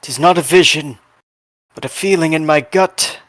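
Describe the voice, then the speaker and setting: A man's voice: on the high side, normal speed, fairly bright tone, dry recording, lightly acted. A man voicing an earnest male dwarf in a tabletop game, speaking solemnly and formally.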